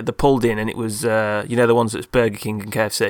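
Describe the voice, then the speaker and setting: A man's voice: fairly low pitch, level tone, fast talker, smooth, dry recording. A man, hosting a casual chat and telling a story in a rambling way, full of fillers. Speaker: podcast co-host.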